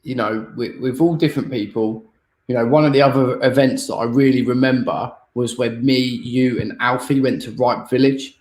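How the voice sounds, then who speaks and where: A man co-hosting a casual chat, talking bluntly and swearing freely, in quick bursts. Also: medium pitch, steady tone, a little mellow, echoey room, a little hiss or hum, rough recording. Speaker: co-host.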